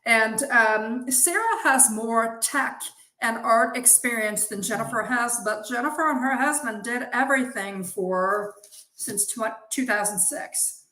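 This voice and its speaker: The head witch of a zine, a woman with a voice on the high side and a sharp tone, talks in an unhurried way during a casual interview chat. She's enthusiastic and keeps praising her coworkers. Echo from the room is audible.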